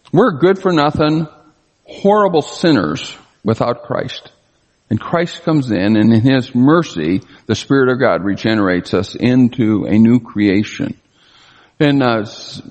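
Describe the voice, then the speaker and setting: A man preaching a sermon, reading Bible verses aloud and slowing down to stress key words. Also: a little high, breathy edge. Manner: reads scripture aloud and explains it, slows down to stress key words. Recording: long hall reverb.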